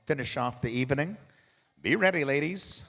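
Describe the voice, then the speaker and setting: A man's voice: on the high side, lively intonation, normal speed, gravelly, a bit bright. A man emceeing a powwow contest over the arena PA, hyping the crowd between calls and jokes. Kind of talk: live event announcing. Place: large indoor powwow arena. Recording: echoey arena PA sound.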